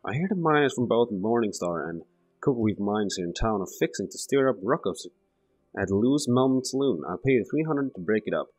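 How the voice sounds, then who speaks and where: A man voicing a gruff small-town sheriff by reading the game's dialogue aloud. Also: fairly low pitch, expressive, a little fast, a little mellow, rough recording. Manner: reads game dialogue aloud.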